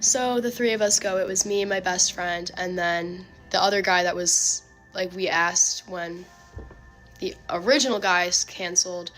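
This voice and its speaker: A young woman casually telling a personal dating story, chatty and animated, full of filler words. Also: lowish voice, a little slow, faint music behind.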